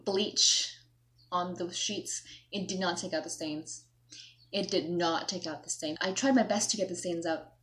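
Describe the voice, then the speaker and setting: A woman's voice: medium pitch, slight background noise. A young woman vlogging, telling a story in a rambling, self-mocking way, acting out herself and her mom. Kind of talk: casual storytelling to camera.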